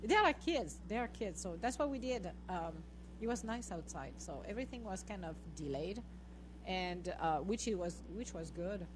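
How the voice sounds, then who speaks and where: A woman's voice: mid-range voice, moderate pace, noisy background. Laughing woman host telling a story. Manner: animated, laughing, acts out her own lines to the dogs. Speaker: podcast host. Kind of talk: casual storytelling chat.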